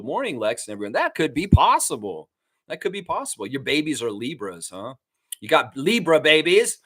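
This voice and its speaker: Man, from Canada, live-stream sports host, excitable, laughs a lot, bright voice, very animated pitch. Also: normal speed, slightly rough. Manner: excitable, laughs often, riffs and jokes. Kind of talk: casual live-stream chat reading viewer comments.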